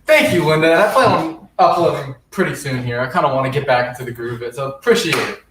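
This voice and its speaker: A man's voice: mid-range voice, quick pace, fairly bright tone, distant mic, slight background noise. A man co-hosting a casual live stream, easygoing and thanking viewers by name. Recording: echoey room, off-mic.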